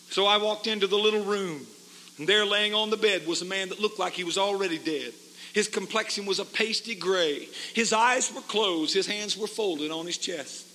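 Fervent preacher man, high ringing voice. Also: normal speed, slight background noise. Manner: fervent, swings from soft storytelling to shouted exhortation. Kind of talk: revival sermon. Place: church revival service. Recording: long hall reverb from the church.

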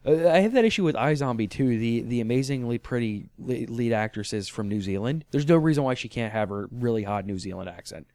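A man co-hosting a relaxed TV recap chat, his pitch bouncing up and down as he gets excited. He laughs a lot and restarts his sentences. The sound is dry and close. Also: brisk, few pauses, no echo. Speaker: podcast co-host.

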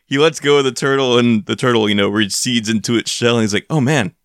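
A man's voice: mid-range voice, fast talker, a bit bright, smooth, dry recording, clean studio sound. A man co-hosting a podcast, casually recapping a cartoon, laughing often and acting out characters in silly voices. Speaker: podcast co-host.

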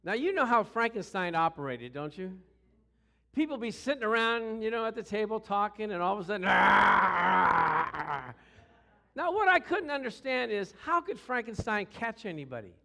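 A middle-aged man preaching a sermon through personal stories, acting out voices with shouts and growls. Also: high-pitched, fairly quick. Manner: animated, acts out quotes with shouts and growls. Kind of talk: storytelling sermon.

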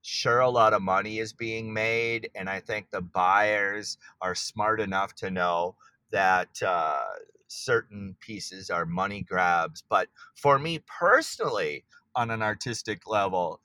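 A man's voice: on the low side, takes it slowly, pushed and bright, smooth, no room sound. A man speaking as an artist guest in an interview, talking with enthusiasm and sometimes searching for words. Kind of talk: interview conversation.

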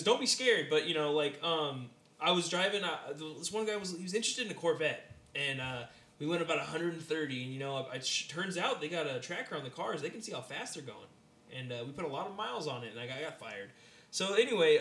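A man's voice: on the high side, fast. A young man telling a rambling story in casual chat and acting out what people said. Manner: rambling, animated, acts out quotes. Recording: echoey room.

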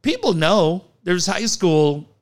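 A middle-aged man co-hosting a talk show, telling stories in a casual, animated way and swinging into big voices for quotes. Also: high voice, slow pace. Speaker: radio show co-host. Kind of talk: casual storytelling banter.

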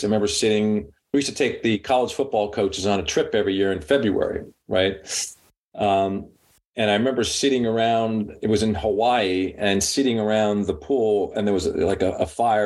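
A middle-aged man, a sports media executive, telling a story in a casual interview and filling it with "like" and "you know". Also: fairly low pitch. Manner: rambling, heavy on "like" and "you know", lively when quoting.

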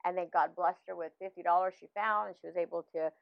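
A middle-aged woman, a minister's wife, telling a personal faith testimony in casual talk, animated, with many fillers and restarts. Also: fairly low pitch, fast, creaky, dry recording. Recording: dull, slightly lo-fi, dry sound.

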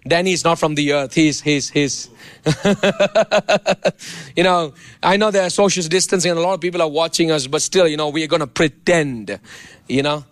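High-voiced animated male preacher. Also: a little slow, pauses often, no room sound. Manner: animated, impassioned preaching with audience banter. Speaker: pastor. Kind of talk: sermon.

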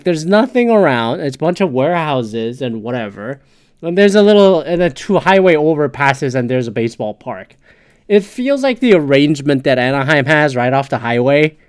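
A man in his thirties hosts a podcast and rants casually, swearing freely as he grumbles. His voice sits at an ordinary middle pitch. It is recorded close and dry, with no room sound. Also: dry recording. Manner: profane, animated ranting. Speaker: podcast host. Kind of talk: casual monologue.

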